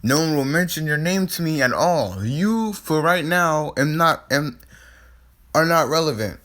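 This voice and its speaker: A man's voice: mid-range voice, lively intonation, normal speed, bright, forceful tone. A man voicing a hurt, furious young male ninja who speaks sternly and cuttingly, in a raised voice. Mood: cold anger.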